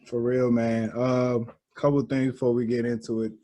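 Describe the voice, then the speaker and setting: A man co-hosting a casual podcast, talking in a laid-back way with lots of slang and animated asides. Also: medium pitch, normal speed. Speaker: podcast co-host. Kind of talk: casual chat.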